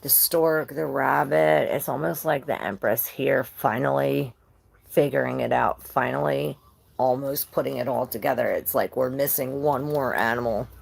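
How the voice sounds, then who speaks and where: A woman's voice: very deep voice, normal speed, creaky. A woman giving a live-streamed tarot reading, rambling and chatting with viewers between cards. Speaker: tarot reader.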